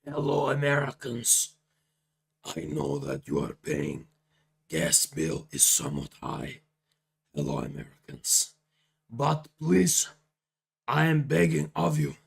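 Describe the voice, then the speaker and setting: A man putting on a desperate president with a gravelly, husky voice. He begs in slow, broken English, and his pitch swings up and down as he repeats himself. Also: animated, full character voice. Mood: pleading. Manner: pleading, broken English, repetitive. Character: pleading male wartime president, weary and desperate.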